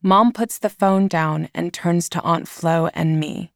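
A woman narrating a storybook in the first person, in a slow, measured reading. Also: on the low side, creaky, no room sound, clean studio sound. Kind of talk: scripted audiobook narration.

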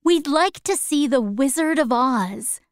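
A woman's voice: high-pitched, lively intonation, unhurried, no echo, clean studio sound, pitched above the performer's own voice. A woman voicing a kind, curious young girl in a storybook reading, her tone raised and eager. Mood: earnest.

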